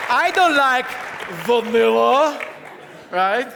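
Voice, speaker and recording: Brief: male conference speaker, high and slow-paced, playful, laughs a lot, roomy hall sound with crowd. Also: lively intonation, heavy background noise. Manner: playful, laughing often, directing volunteers. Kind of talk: live coding talk on stage. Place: conference stage. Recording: echoey conference hall with audience.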